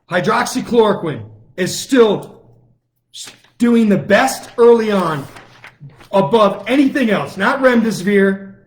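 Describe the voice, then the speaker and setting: A middle-aged man who is a lawyer and hosts his own online show speaks in a fairly high register. In a combative political monologue, he rants heatedly. He fires off taunting challenges and repeats them over and over.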